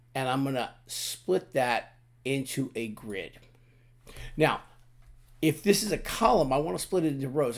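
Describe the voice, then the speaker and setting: A man teaching a software tutorial, talking casually through each click with frequent restarts and asides. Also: mid-range voice, vocal fry. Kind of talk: screen-recorded software walkthrough.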